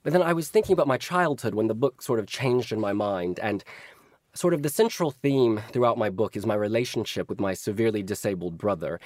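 A man as an interview guest, telling stories in a vivid, expressive way and laughing now and then. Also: on the low side, brisk, dry recording, clean studio sound. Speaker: guest author. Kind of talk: interview conversation.

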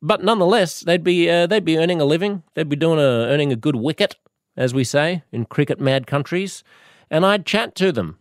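A man's voice: a little high, expressive, fairly quick, no echo, studio quality. A man with an Australian accent telling a rambling, sarcastic comedic monologue, jumping up into mock-innocent questions.

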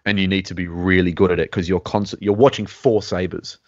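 A man's voice: low-pitched, fairly even intonation, fairly quick, dry recording. Man, podcast host, casual chat, hesitant restarts, dry dull lo-fi audio. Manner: hesitant, restarts often, hedging opinions.

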